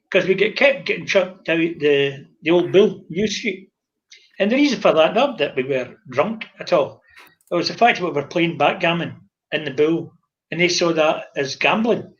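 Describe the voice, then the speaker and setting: An older Scottish man, a former publican, telling lively stories in casual chat and acting out the dialogue. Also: fairly high pitch, moderate pace, lo-fi sound. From Scotland. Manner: animated anecdotal storyteller, acts out dialogue.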